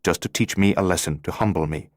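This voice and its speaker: A man's voice: low voice, fast talker, no room sound, clean studio sound. A man playing an urgent, secretive male stranger in an audiobook, giving terse instructions.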